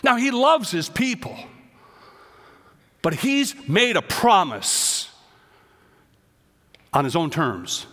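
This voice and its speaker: A man preaching a sermon with an American accent, reading scripture with rising, loud emphasis. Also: high voice, very animated, slow pace, long pauses. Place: church sanctuary. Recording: long church reverb.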